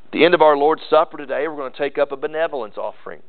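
Male pastor, earnest sermon delivery with frequent restarts, slightly high voice, thin phone-line audio. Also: very fast. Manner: earnest preaching with many restarts and repeated words. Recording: tinny phone-like sermon recording.

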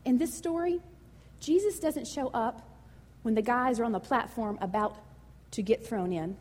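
A woman pastor preaching a sermon in a lively, conversational and emotional way. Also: fairly high pitch, normal speed, big-room sound.

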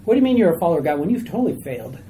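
A woman voicing a mocking male devil who whispers rapid accusations. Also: on the low side, sing-song, warm tone, a little hiss or hum. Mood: taunting.

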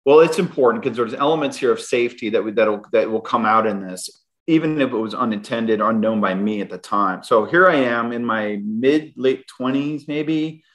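This middle-aged man, appearing as a guest in an interview, tells a personal story with animation, frequently restarting his sentences. His voice is medium-pitched and fairly bright, at a normal speed.

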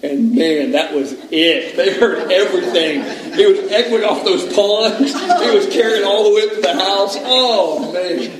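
Man telling a story in a roomy space. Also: mid-range voice. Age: adult father. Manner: animated, laughing, rises to loud retellings. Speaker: podcast speaker. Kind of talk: casual storytelling. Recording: roomy, distant mic with faint background noise.

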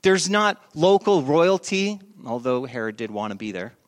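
A male pastor giving a sermon, telling a story in a lively, animated way with shifts in volume and pace. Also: mid-range voice, moderate pace.

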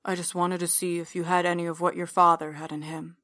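Female narrator doing a big older male captor, brooding and confiding, low and quiet, bright tone, little pitch movement, dry sound. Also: level tone, brisk, no echo, close to an everyday voice.

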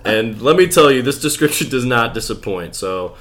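A man's voice: mid-range voice, animated, moderate pace, fairly bright tone. Laid-back man co-hosting a podcast. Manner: enthusiastic, laughs often, trails off with fillers. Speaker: podcast co-host. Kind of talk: casual chat.

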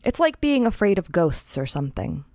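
A woman's voice: lowish voice, sing-song, normal speed, dark tone, no echo. A woman voicing an anxious, fretful housewife who scolds herself, in a dry, close read story. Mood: uneasy.

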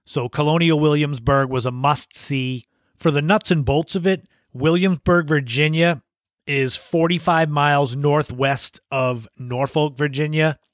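Man, slightly high voice, casual storyteller, chuckling, dry close recording. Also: a bit bright, no room sound. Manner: laughs while telling anecdotes. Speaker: podcast host.

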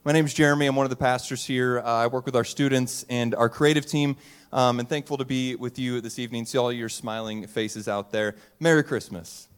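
A man's voice: medium pitch, fairly even intonation, brisk, clean tone. A man, a pastor giving a casual, conversational Christmas sermon to a live church audience and joking with the crowd.

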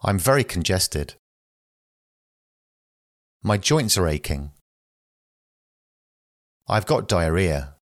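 A man reading short phrases aloud for language learners, slow and careful, one at a time. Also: low-pitched, sing-song, dry recording, studio quality. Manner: slow, careful, evenly paced phrase delivery. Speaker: phrasebook reader.

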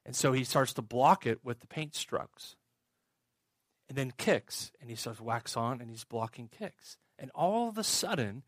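A man's voice: mid-range voice, fairly bright tone, no room sound. A man preaching a sermon, retelling a story in a storytelling way and putting questions to the audience. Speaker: pastor.

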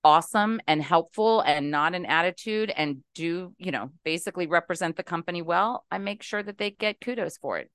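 A woman's voice: on the low side, a little fast, hardly any pauses, a bit bright, clean tone, no echo, studio quality. A middle-aged woman from West Virginia calling into a talk show, venting animatedly and with exasperation. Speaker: caller. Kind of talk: casual talk-show call-in.

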